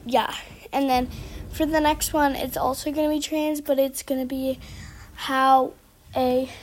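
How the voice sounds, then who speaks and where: A woman's voice: sits high, darkish tone, slight background noise. A teenage girl vlogging casually, hesitant and apologetic, with many fillers and restarts. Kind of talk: casual skit vlog.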